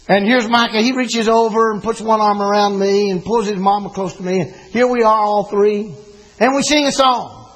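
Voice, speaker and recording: A man's voice: high-pitched, steady tone, normal speed, fairly bright tone, poor audio. An older man, preaching a sermon with folksy storytelling and emphatic rises.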